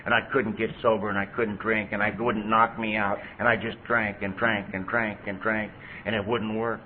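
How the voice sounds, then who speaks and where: On tinny, phone-like tape with a faint hiss, a man tells his personal recovery story at a meeting. His voice is on the low side, level and at normal speed, and he talks conversationally, saying "you know" a lot.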